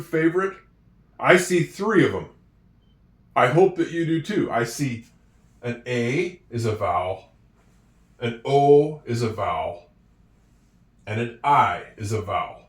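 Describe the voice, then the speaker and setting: A man's voice: fairly high pitch, far from the mic. Encouraging male teacher, echoey room. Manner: slow, encouraging, with drawn-out words. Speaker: English teacher. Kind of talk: handwriting and spelling lesson. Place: room with a whiteboard.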